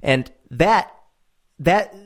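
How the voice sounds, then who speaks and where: A man's voice: a little high, animated, extremely slow. Laid-back male podcast host. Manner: laid-back, earnest, repeats words. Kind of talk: casual chat.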